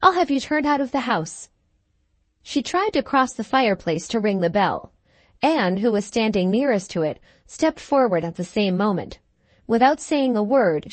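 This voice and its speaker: A woman narrating a classic novel with measured, even storytelling. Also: medium pitch, no room sound. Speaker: audiobook narrator. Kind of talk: scripted narration of a Victorian novel.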